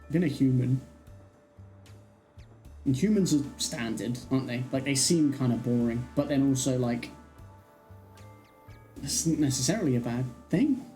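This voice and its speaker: Rambling livestream host, mellow voice. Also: medium pitch, expressive, normal speed, pauses often, soft background music, low-quality recording. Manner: rambling, chatty, thinks aloud. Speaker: streamer. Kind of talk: casual livestream chat.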